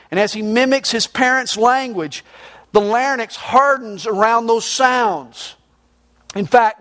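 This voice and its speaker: A man in middle age preaching with emphatic force. His voice sits high for a man, and he moves between loud declarations and low, quiet points. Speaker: pastor. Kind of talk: sermon.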